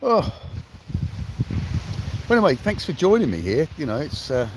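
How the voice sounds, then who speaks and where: Fishing outdoors on a shingle beach by the sea, a man rambles in friendly chatter to his live-stream viewers. His fairly high voice swings hugely in pitch at normal speed, against loud wind and surf.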